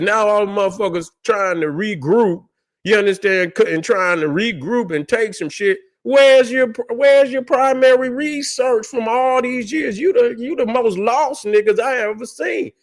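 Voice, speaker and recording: A man's voice: sits high, a bit bright. A man hosting a livestream, ranting in a heated, profane way, repeating himself and firing off rhetorical questions. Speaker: livestream host. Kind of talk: heated casual rant.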